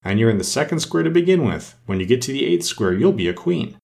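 A man voicing a brisk, commanding but kindly queen in a storybook reading. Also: medium pitch, sing-song, gravelly, a little mellow. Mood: urging. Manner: brisk, urging, matter-of-fact.

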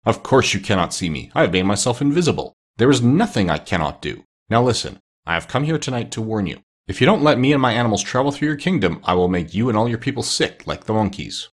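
A proud, scheming parrot from a storybook, put on by a male reader. She speaks crisply and boastfully, a notch higher than his own low, husky voice. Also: sing-song, fast talker, few pauses. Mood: commanding. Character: clever bossy female parrot, proud and bold. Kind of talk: storybook reading.

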